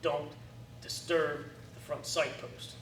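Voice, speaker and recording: A man teaching a firearms class in a lively coaching way, acting out his students' reactions. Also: on the high side, slow pace. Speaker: firearms instructor. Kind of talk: classroom instruction. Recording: echoey room, distant mic, faint noise.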